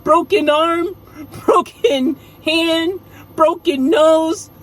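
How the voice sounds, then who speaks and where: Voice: very high-pitched, extremely slow, pitched above the performer's own voice, exaggerated voice. A video recapper voicing a sneering female wrestling villain with a mocking, sing-song delivery.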